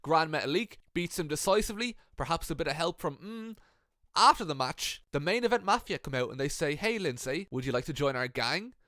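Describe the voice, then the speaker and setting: Swearing lad, dry close sound. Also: male voice, fairly high pitch, expressive, fairly quick, sharp tone, dry recording. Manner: swears often, acts out the wrestlers' quotes. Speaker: wrestling commentator. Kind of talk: casual storytelling.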